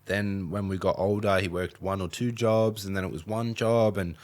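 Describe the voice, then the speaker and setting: Give me a young Australian man with a deep voice, a podcast guest who rambles casually. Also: fairly even intonation, normal speed. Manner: rambling, full of "like".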